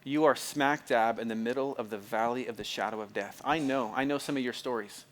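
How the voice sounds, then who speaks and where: A man's voice: medium pitch, fairly quick, a bit bright. Conversational male pastor preaching a sermon. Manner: conversational, repeats phrases, asks the audience if it makes sense; restarts and stumbles often, fills with "like".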